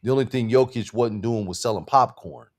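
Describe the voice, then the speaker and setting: A man co-hosting a casual sports podcast, talking in a laid-back, wry, low-key way. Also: a little fast. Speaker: podcast co-host.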